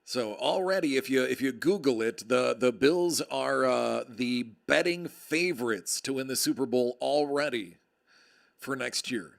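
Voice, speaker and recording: A man's voice: mid-range voice, a little slow, gravelly. A man hosting a card break livestream, chatting casually and joking with viewers in a rambling way. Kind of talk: casual chat.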